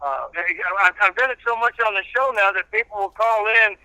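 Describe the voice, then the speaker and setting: A man's voice: high voice, normal speed, bright, forceful tone, clean tone, no room sound, low-quality recording. A male radio personality talking casually as a guest, rambling with many filler sounds. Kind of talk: casual chat.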